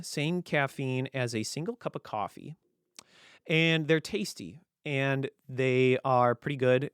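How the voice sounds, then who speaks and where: A young man hosting his own podcast, rambling through a casual comedic monologue with deadpan sarcasm. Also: medium pitch, clean tone, dry recording, clean studio sound. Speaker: podcast host.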